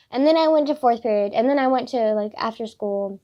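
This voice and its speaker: Chatty teen girl, fast storytime ramble. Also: high-pitched, muffled recording, a little hiss or hum. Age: teens. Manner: chatty, filler-heavy, swears a lot. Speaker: vlogger.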